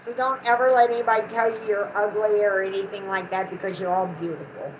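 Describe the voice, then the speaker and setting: A woman's voice: medium pitch, steady tone, fast, slight background noise, low-quality recording. A middle-aged woman with a Southern American twang, chatting affectionately on a casual livestream. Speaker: co-host of a livestream, the channel owner's mother.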